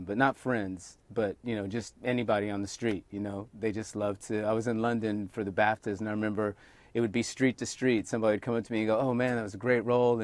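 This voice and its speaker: A middle-aged man chats as a talk show guest, low-pitched and unhurried. He tells wry stories about himself. The sound is dry and close. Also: no echo. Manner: relaxed, wry anecdotes. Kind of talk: casual talk show chat.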